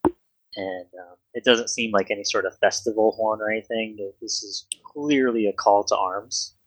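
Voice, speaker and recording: A game master narrating a tabletop game in a relaxed, hesitant way with many pauses. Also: mid-range voice, dry recording, poor audio.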